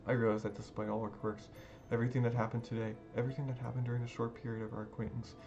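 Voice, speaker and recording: A man's voice: medium pitch, level tone, rapid-fire, lo-fi sound. A man reading a visual novel aloud in a dramatic, emotional first-person narration over background music. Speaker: gaming video creator. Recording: music playing underneath.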